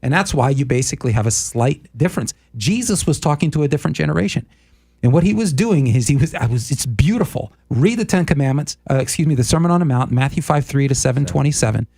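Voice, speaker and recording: A man's voice: fairly high pitch, lively intonation, quick pace, creaky, a little mellow, slightly rough. A man hosting a talk show who speaks in an emphatic, sermon-like way and builds his points through lists. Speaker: host.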